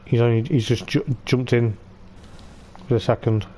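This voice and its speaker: An excitable man commentates a sim race live into his mic, piling on hype and repeating himself. His voice is mellow and warm, growing a little hoarse as he talks. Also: medium pitch, normal speed, slight background noise. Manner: excitable, repeats "I tell you what", laughs often. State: voice going hoarse.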